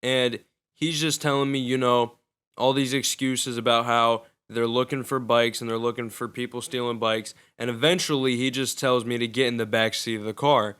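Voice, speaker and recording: A man's voice: medium pitch, steady tone, normal speed, a bit bright, clean tone. A young man casually telling a personal story in loose, profane, slangy talk.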